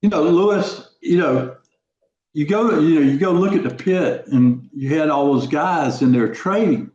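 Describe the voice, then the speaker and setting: A man's voice: on the high side, unhurried, darkish tone, reverberant, dull audio. A man hosting an interview, asking casual questions and leaning on repeated fillers. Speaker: interview host.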